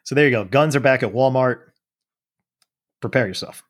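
A man co-hosting a casual podcast, talking in an animated way about politics and acting out other people's voices. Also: mid-range voice, normal speed. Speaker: podcast co-host.

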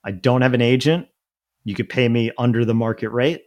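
A man co-hosts a podcast in easygoing chat. His voice is deep, pitched in the middle range. He jokes at his own expense and tends to repeat himself. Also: brisk, darkish tone. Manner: joking, self-deprecating, repeats himself. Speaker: podcast co-host. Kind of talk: casual chat.

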